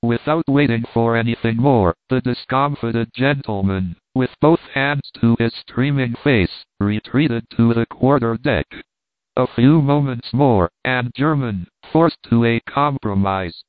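A male narrator reads a classic sea story at a steady, measured pace. The recording is tinny and band-limited, like a phone line. It is also completely dry. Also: medium pitch, no echo. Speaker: audiobook narrator. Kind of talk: scripted narration.

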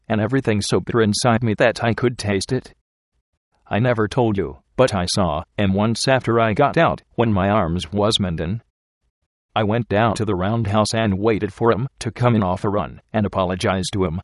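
A blunt, rough-spoken young working man with a plain, ungrammatical folksy way of talking, as a male audiobook reader gives him voice. His low voice sounds close and dry. He is earnest and unpolished. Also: no echo, lightly acted. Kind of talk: audiobook character reading.

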